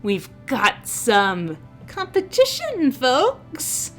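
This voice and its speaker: A woman's voice: high-pitched, huge pitch swings, extremely slow, faint music behind, voice pushed up, full character voice. A woman voicing a smug, teasing half-elf adventurer man.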